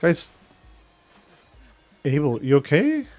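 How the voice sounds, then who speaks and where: A young man streams a game live, chatting casually with viewers and reacting as he plays. His voice is on the high side, sing-song and slow, with a darkish tone. Soft music plays in the background.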